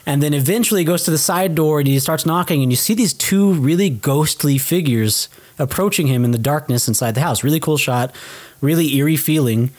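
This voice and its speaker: A young man co-hosting a podcast, casually recapping a film in an animated way, swearing offhand and acting out the characters' lines. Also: on the high side, moderate pace. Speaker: podcast co-host.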